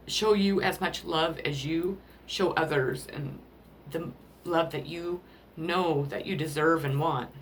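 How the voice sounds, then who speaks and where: Emotional low-voiced woman reading oracle cards. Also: fairly even intonation, slow, a little hiss or hum. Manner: emotional, apologetic, rambling. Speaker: tarot card reader. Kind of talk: spiritual card reading.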